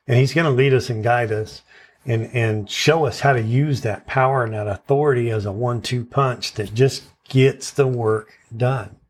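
A man's voice: mid-range voice, normal speed. A man preaching a sermon in an earnest teaching tone, often checking in with his listeners. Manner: stresses verse words in turn as he recites.

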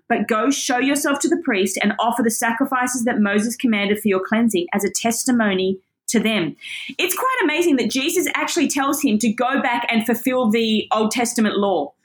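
An earnest woman teaches from scripture in a fairly high voice. She is emotional and close to tears, and her words carry deep feeling. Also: fairly quick. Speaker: Bible teacher. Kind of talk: teaching on a Bible passage.

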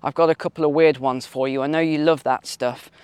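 A man telling stories in a chatty, animated way while vlogging outdoors on a windy walk. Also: fairly high pitch, a little fast, smooth, dry recording. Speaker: finance vlogger. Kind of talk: casual walk-and-talk vlog.

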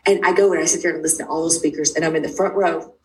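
A middle-aged woman, a guest, telling her own story quickly and emphatically, acting out the dialogue she quotes. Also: low-pitched, steady tone, darkish tone. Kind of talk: animated personal storytelling. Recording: distant mic with faint noise.

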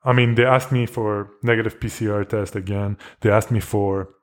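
A young podcast host with a fairly low voice rambles through a story on his own. He swears freely and stumbles over restarts and fillers as he talks. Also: fairly even intonation, normal speed. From Canada. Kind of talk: casual solo storytelling.

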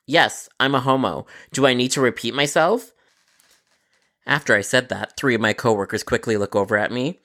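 Sarcastic guy telling call center stories, bright voice, bouncy delivery. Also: medium pitch, normal speed. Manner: sarcastic, exasperated, deadpan asides. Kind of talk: scripted storytelling narration.

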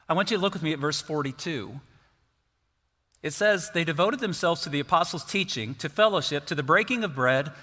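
A man's voice: fairly high pitch, in a large hall. A man in his fifties preaching a sermon to his church, telling fond stories with playful asides. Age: 50s. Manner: animated storytelling with playful asides. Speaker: pastor. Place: church sanctuary.

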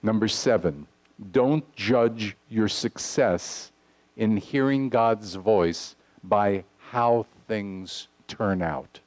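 A man preaching a sermon to his congregation, earnest and deliberate, reading scripture aloud. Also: on the low side, darkish tone. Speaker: pastor. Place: congregation hall.

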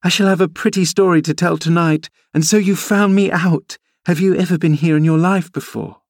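A man reading an audiobook, voicing an excitable, willful thirteen-year-old girl in a high chattering voice. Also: moderate pace, no echo, studio quality, natural voice. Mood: gleeful.

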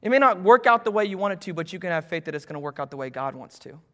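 A young man preaching a sermon, telling a personal story and swinging between loud urgency and hushed intimacy. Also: fairly high pitch, lively intonation, very fast. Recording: hall reverb.

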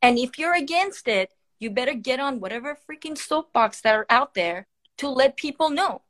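A woman's voice: high-pitched, expressive, normal speed, a bit bright. A woman physician from Iran, speaking earnestly and with passion in a live-stream chat while holding back tears, with many fillers and restarts. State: tearful, holding back crying. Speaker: palliative care physician and podcaster, guest. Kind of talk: emotional live-stream conversation.

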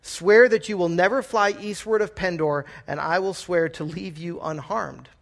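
A man's voice: high-pitched, normal speed, creaky. A man reading a defiant young wizard.

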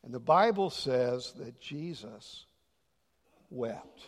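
A man preaching a sermon as pastor, swinging from loud emphatic lines to hushed, near-whispered ones. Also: medium pitch, animated, slow, in a large hall.

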